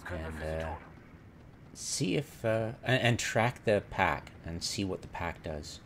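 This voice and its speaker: A man casually commenting on a game replay, rambling and retelling his own reactions, with sudden excited exclamations. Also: deep voice, slow pace, slight background noise. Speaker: gameplay commentator.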